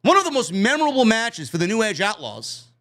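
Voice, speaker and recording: A man's voice: high voice, huge pitch swings, a little fast, a bit bright. A man with a New York accent giving a loose, chatty recap of a wrestling show, with fillers and casual swearing.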